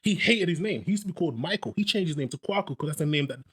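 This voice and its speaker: Fast, bright-voiced man. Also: a little high, slightly rough. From London, of Ghanaian parents. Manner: animated storyteller, acts out voices. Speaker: guest rapper. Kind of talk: casual podcast chat.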